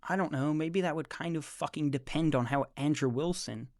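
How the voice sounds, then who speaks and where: A man's voice: a little high, a little fast, a little mellow, dry recording, studio quality. A man giving angry reaction commentary on a debate clip, ranting and swearing, with mocking impressions of the debaters. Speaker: commentary YouTuber.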